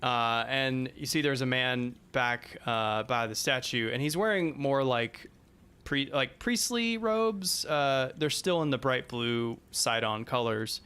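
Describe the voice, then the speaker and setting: A man's voice: mid-range voice, slow pace, fairly bright tone, clear, resonant tone. A man narrating as game master of a tabletop game, hesitant and full of fillers.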